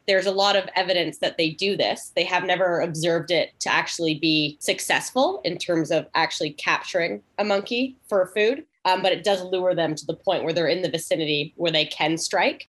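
A woman joins a relaxed panel conversation as a guest. She speaks in a fairly low voice and explains her points at length, with plenty of enthusiasm. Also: husky. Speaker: podcast guest. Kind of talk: casual panel chat.

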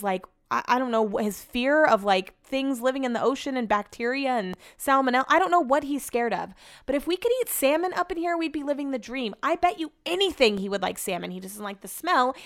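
Chatty woman telling stories casually. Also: medium pitch. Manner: chatty, animated, lots of "like". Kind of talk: casual storytelling chat.

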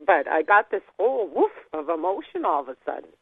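A woman's voice: lowish voice, very animated, fairly quick, husky, no echo. Woman phone caller, shy and emotional, thin phone sound. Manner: emotional, bashful, laughs nervously. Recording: tinny phone line.

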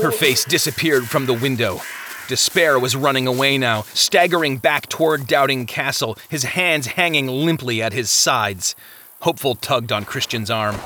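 A man's voice: mid-range voice, normal speed, pushed and bright, a little hiss or hum. Man narrating a dramatic audiobook. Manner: dramatic, vivid storytelling. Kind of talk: scripted narration. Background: music.

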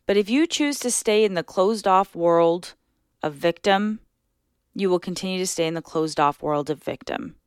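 A woman's voice: mid-range voice, smooth, dry recording. Earnest woman podcaster, dry close sound. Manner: earnest, reflective, coaching listeners. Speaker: podcast host. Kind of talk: casual solo podcast talk.

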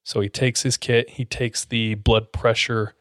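A man hosting a podcast, casually telling a scary story in a relaxed way and filling his speech with "like". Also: medium pitch, a little slow, dry recording, studio quality. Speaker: podcast host.

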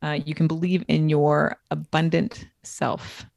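A woman with a notably low voice co-hosting a podcast in easygoing chat. She sounds upbeat and encouraging and leans on filler words. The sound is dry and close, with almost no room echo. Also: level tone, unhurried, gravelly, a little mellow. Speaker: podcast co-host. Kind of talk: casual chat.

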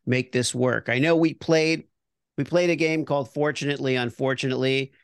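A man's voice: medium pitch, fairly even intonation, a little fast, clean tone, dry recording, studio quality. A middle-aged man co-hosting a podcast, explaining an improv game and repeating words as he thinks. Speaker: podcast co-host. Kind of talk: casual improv coaching.

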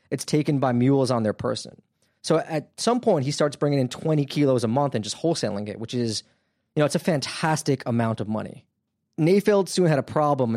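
A man's voice: medium pitch, a little mellow, no echo. Chatty male podcast host, dry sound. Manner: conversational, filler-heavy, wry. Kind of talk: casual storytelling chat.

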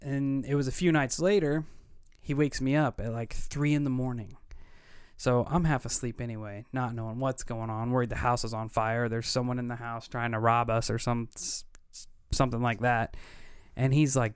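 A man's voice: mid-range voice, fairly even intonation, normal speed, smooth, dry recording, studio quality. A man in his thirties, co-hosting a podcast and earnestly retelling a personal story, acting out the dialogue as he goes. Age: 30s. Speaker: podcast co-host. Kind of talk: casual storytelling.

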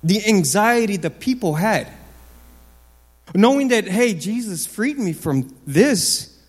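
A man with a high voice preaches a sermon in a large hall with a long reverb tail. He hammers his points through repetition and swings between loud, lifted phrases and low, quiet ones. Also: expressive, takes it slowly.

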